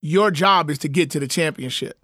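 Fast-talking, emphatic man. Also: on the high side, sharp tone, no echo, clean studio sound. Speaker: sports talk co-host. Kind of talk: casual sports debate.

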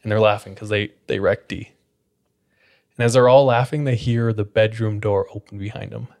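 A man in a lowish voice and at a moderate pace hosts a podcast, loosely retelling a spooky experience. His relaxed storytelling is filled with "like."

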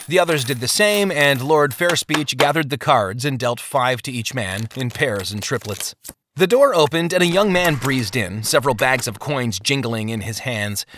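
A man narrating a story in a lively, expressive reading on a close microphone. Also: medium pitch, a little hiss or hum. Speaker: audiobook narrator. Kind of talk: scripted narration.

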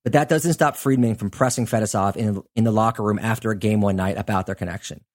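A man's voice: fairly low pitch, fast. A man hosting a podcast, telling a true-crime story in a casual, conversational way with frequent asides. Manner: conversational, chatty, lots of "like" and "you know" asides. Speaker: podcast host.

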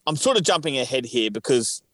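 A man's voice: mid-range voice, big pitch swings, a little fast, fairly bright tone, no echo. A man co-hosting a casual podcast chat, rambling through restarts and laughing often. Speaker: podcast co-host.

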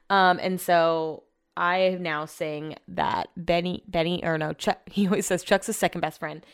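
A young woman chats on her solo podcast from a room at home. She rambles and restarts her sentences often, and her low-pitched voice stays smooth and clear. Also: fairly even intonation, moderate pace. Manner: rambling, chatty, many fillers and restarts. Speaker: podcast host. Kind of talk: casual solo podcast chat.

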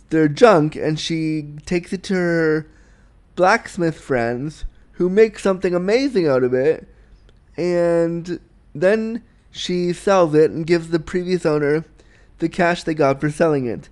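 A man's voice: a little high, unhurried, a little mellow. A man hosting a casual solo podcast, talking candidly and bawdily in a rambling way with restarts and giggles. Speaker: podcast host.

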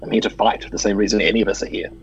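Man doing a guarded fighter, low-pitched, measured, wry. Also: steady tone, highs cut off, music in the background, close to an everyday voice.

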